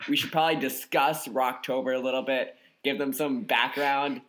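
Here a podcast co-host speaks in a steady, fairly bright mid-range voice. The chat is casual and comedic, and he keeps it playful, goofing around with drawn-out riffs and elongated words.

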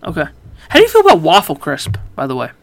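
A man's voice: a little high, wildly swooping pitch, fast talker, creaky, a little hiss or hum. A man co-hosting a podcast in casual chat, dry, blunt and teasing. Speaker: podcast co-host.

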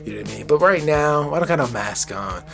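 A man in his forties hosting a solo podcast late at night, tired and relaxed, talking earnestly and repeating his words often as he rambles. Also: on the high side, quick pace, gravelly, soft background music. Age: 40s. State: tired, bedtime voice. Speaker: podcast host. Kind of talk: casual solo podcast talk. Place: at home, relaxed. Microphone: podcast microphone.

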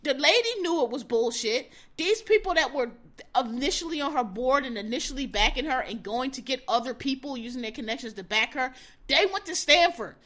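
A woman giving casual, profane commentary, retelling a story with acted-out quotes in an animated way. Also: high-pitched, brisk.

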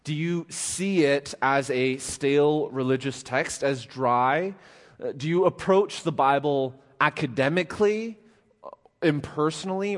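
A man giving a conversational sermon as a pastor, putting questions to the congregation in a relaxed, chatty way. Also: on the high side. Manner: conversational, reads a joke aloud and laughs, asks the congregation questions. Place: church auditorium. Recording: long hall reverb.

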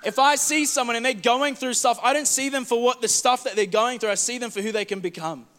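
A man preaches to his congregation in a church hall. His voice sits high and has a bright edge. He moves between ringing declarations and quiet, hushed asides, often repeating words as he builds a point. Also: moderate pace, few pauses. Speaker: pastor. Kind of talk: sermon.

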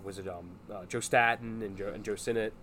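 A man's voice: lowish voice, steady tone, fairly bright tone, a little hiss or hum. A man who runs a comic convention, chatting casually on a podcast and often jumping in. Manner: rapid, interjecting, does impressions.

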